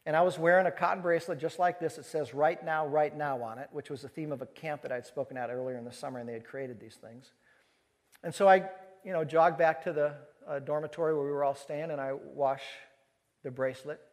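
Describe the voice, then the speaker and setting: A man preaching to a live audience, telling a story with lively acted-out dialogue. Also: on the high side. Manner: animated storyteller who acts out dialogue. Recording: long reverb of a large hall.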